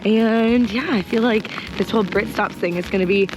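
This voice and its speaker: A woman's voice: mid-range voice, moderate pace, background noise. A woman in her thirties chatting upbeat in a casual travel vlog from a camper van. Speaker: travel vlogger.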